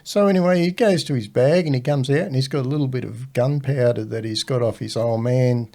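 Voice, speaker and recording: Laughing older Australian storyteller. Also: male voice, mid-range voice, fairly quick, gravelly. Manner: animated yarn-spinner who laughs at his own stories. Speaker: podcast guest. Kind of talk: casual storytelling.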